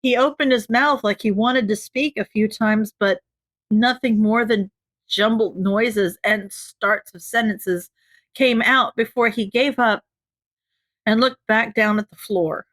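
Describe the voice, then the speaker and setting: A woman narrating a fan fiction audiobook in a measured, gentle way. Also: a little high, no room sound. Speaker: audiobook reader.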